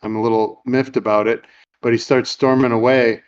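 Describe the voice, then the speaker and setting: A man's voice: mid-range voice, flat delivery, moderate pace, smooth. Rambling man on a dull lo-fi recording. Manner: rambling, with many fillers and acted-out quotes. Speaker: podcast host. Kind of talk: casual chat retelling a film scene.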